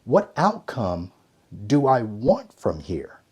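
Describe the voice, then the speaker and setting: A man giving a motivational leadership lesson, emphatic and conversational, swinging between loud stresses and hushed asides. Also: mid-range voice, huge pitch swings, slow pace, husky. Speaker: ethics and leadership coach. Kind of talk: motivational teaching talk.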